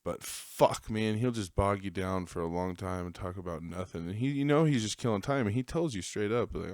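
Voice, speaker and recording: A man's voice: sits low, moderate pace, no room sound, studio quality. A man hosting a podcast, telling a rambling, profane story in a casual monologue and laughing at his own jokes. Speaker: podcast host.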